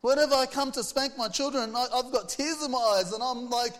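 A man's voice: extremely high pitch, fairly quick, hardly any pauses, fairly bright tone, in a large hall. A man preaching a sermon, reading scripture aloud and putting earnest rhetorical questions to the congregation. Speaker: pastor.

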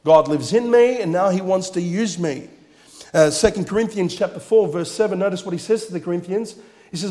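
A man's voice: high voice, normal speed, mellow, in a large hall. A man preaching a sermon with emphatic repetition, reading scripture passages aloud. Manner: emphatic, repeats phrases, reads scripture aloud.

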